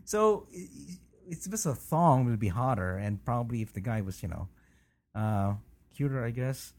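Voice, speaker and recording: A man's voice: medium pitch, expressive, moderate pace, a little mellow. A man co-hosting a casual talk show, jokey and teasing in his banter. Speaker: co-host.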